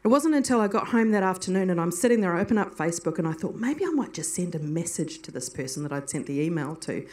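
A woman giving a sermon-style testimony, telling a story in a lively way and acting out her own prayers. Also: lowish voice, fast, hardly any pauses. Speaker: Christian teacher.

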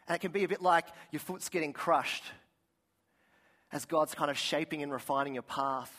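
A man's voice: on the high side, fairly even intonation, normal speed, bright, forceful tone. A man preaching a sermon, telling personal stories in an earnest way with frequent restarts and asides. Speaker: pastor.

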